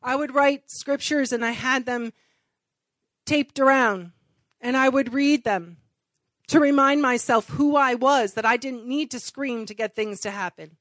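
A woman's voice: high-pitched, unhurried, fairly bright tone, no echo. Earnest woman preaching a sermon. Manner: earnest, builds to emphatic repetition. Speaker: church speaker.

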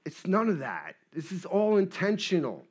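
A man preaching a sermon in a conversational way, moving between hushed and emphatic passages. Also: high-pitched, huge pitch swings, normal speed, breathy edge. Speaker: pastor.

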